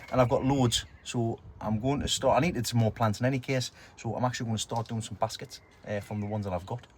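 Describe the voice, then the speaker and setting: A man's voice: mid-range voice, steady tone, a little fast, a little mellow, slight background noise. A man vlogging casually about gardening and plants in his garden, chatty and self-deprecating. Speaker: allotment vlogger. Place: garden and allotment outdoors.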